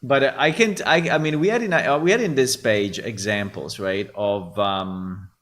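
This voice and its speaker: A man from Italy with an Italian accent, a game developer host talking casually while browsing, halting and restarting as he thinks aloud. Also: fairly low pitch, fairly bright tone. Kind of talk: casual screen-share talk.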